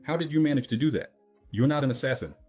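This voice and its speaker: A man voicing a small, sly male assassin who is quick to anger and speaks sharply. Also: medium pitch, a little mellow, faint music behind, pitched above the performer's own voice, lightly acted. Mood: startled.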